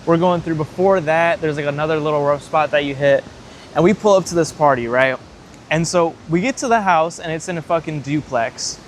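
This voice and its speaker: Young guy, storytime vlogger, slightly high voice, profane rambling delivery, faint background noise. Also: brisk. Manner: profane, rambling, heavy use of "like". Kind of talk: casual storytelling.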